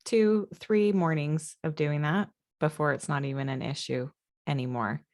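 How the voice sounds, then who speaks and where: A woman's voice: low-pitched, moderate pace, a little mellow. A woman hosting a parenting conversation, earnest and speaking straight to parents as she sums up the advice. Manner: earnest, addresses parents directly, sums up points. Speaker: host. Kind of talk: casual podcast chat.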